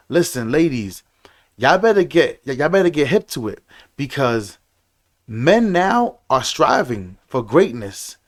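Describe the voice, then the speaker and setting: A man delivers a heated, preachy rant straight to camera. He stumbles and repeats himself as his frustration builds. His voice sits slightly high. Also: animated, moderate pace. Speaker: commentator.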